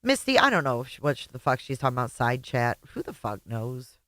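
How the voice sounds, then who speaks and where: Mad woman yelling back at a clip, swears a lot, pitch jumps all over, dry sound. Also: sing-song, fairly quick, no room sound. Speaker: channel host reacting to a clip. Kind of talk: angry reaction commentary.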